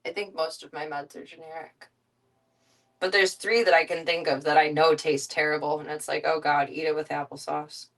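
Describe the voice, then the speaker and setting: Female streamer, casual, gentle coaxing tone; lowish voice, recorded off-mic. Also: steady tone, normal speed. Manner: soft, coaxing talk to her pet. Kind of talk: casual chat. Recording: distant mic.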